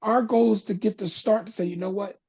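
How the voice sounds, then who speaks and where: A man hosting a panel talk, speaking with an impassioned, preacher-like cadence that drops low and soft for emphasis. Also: fairly even intonation, brisk, husky, dull audio. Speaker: panel host. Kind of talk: impassioned talk-show monologue.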